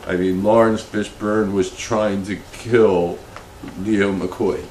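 A man hosting a comedic fish show, talking in an awkward, rambling, deadpan way. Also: reverberant, slight background noise, rough recording. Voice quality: slow, awkward, rambling delivery that becomes emotional and high-pitched. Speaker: comedy web show host.

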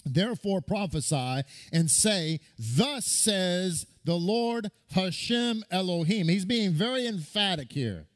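Animated rabbi preaching, higher voice. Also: male voice, measured pace. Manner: animated, rhetorical questions to the congregation. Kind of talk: sermon teaching.

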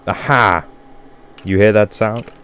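A man's voice: lowish voice, steady tone, slow pace, a bit bright, clear, resonant tone. A man giving rambling let's play commentary, swearing and mocking himself as he plays at home. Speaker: gamer.

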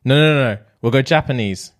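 A man's voice: mid-range voice, brisk. A young man co-hosting a podcast, chatting casually with laughing, encouraging banter. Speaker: podcast co-host. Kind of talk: casual chat.

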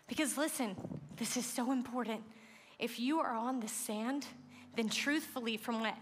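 A woman's voice: fairly high pitch, a little hiss or hum. A woman giving an earnest, emphatic sermon at a large gathering, moved close to tears and repeating phrases for emphasis. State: tearful, moved. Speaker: speaker. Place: large event hall. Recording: long hall reverb.

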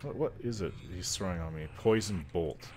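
A man's voice: sits low, normal speed, mellow, soft background music. A Canadian man from British Columbia casually narrating his online game session, rambling and joking at himself as he stumbles over words. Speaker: gamer. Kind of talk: casual gameplay commentary.

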